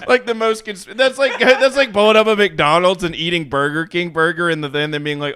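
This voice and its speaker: A young man with a high-sitting, smooth voice talks fairly quickly while co-hosting a podcast. His story wanders, and he swears freely and performs the quoted voices of the people he mentions, in casual chat.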